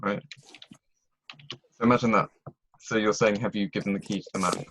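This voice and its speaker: A man's voice: on the low side, steady tone, moderate pace, a bit bright, a little hiss or hum, low-quality recording. A man tutoring German on a video call, explaining step by step and checking that his students follow. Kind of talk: online tutoring lesson.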